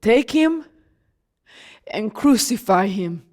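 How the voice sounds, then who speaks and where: Woman putting on a deep, weary Roman governor. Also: lively intonation, slow pace, a little mellow. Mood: resigned. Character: weary Roman governor, grown man, giving in to a mob.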